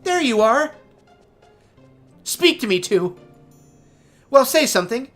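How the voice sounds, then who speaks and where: A hoarse streamer voicing an eager little boy who calls out and pleads for his friend to answer. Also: medium pitch, sing-song, slow pace, a bit bright, soft background music, voice pushed up. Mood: pleading.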